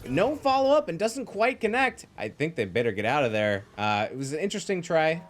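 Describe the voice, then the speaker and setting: A man delivers live play-by-play for a video game match, his voice sitting fairly high and swinging widely in pitch. He reacts to every fight with energy and chatty asides. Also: a little hiss or hum. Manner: energetic, quick reactions, thanks viewers. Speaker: esports caster.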